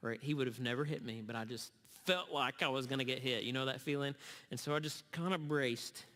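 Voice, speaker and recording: A middle-aged man telling a personal story to parents at a church gathering, earnest and halting, often restarting his sentences. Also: mid-range voice, sharp tone. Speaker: speaker at a church summer series. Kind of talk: storytelling sermon talk. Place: church hall. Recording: long reverb of a large hall.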